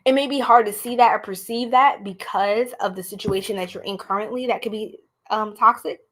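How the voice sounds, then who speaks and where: A young US tarot reader speaks briskly in a mid-range voice during her live stream. She's animated and chatty, talking straight to her viewers and calling them "y'all."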